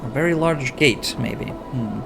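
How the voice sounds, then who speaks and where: A man's voice: mid-range voice, a little slow, gravelly, over music. A man giving casual, rambling commentary while playing a role-playing game, with wry asides. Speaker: let's play host.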